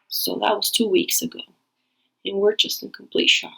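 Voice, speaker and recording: A woman's voice: medium pitch, flat delivery, normal speed, vocal fry, a bit bright, low-quality recording. A woman hosting her own reading channel, talking casually and rambling to her viewers with frequent restarts. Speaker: tarot reader and channel host. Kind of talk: casual talk to camera.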